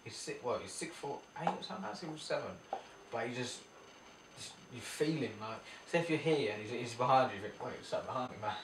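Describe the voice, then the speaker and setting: A man's voice: medium pitch, expressive, brisk, noisy background. A man chatting casually as a boxer guest, in laid-back, slangy banter. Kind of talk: casual chat. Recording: echoey room, mic at a distance.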